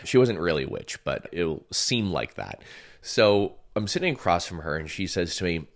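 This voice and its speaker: A man and coach telling a personal story in a casual, chatty way, often using "like" and acting out what people said. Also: normal speed. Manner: animated, acts out quoted voices with big pitch jumps; chatty, filler-heavy with frequent "like". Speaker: energy healing and hypnosis coach.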